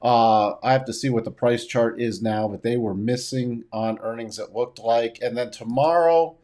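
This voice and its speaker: A man's voice: medium pitch, normal speed, warm tone. A man hosting a casual stock market show, chatting in an easygoing, joking way.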